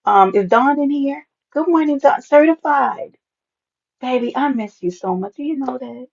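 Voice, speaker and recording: A woman hosting a casual live stream, sassy and animated, greeting viewers by name and often jumping into a high playful voice. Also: moderate pace, creaky. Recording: dull lo-fi stream audio.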